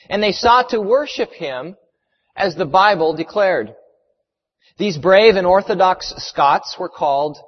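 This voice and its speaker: A man preaching a sermon, retelling a story with dramatic, emphatic pauses. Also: high voice. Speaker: pastor. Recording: reverberant hall, muffled sound.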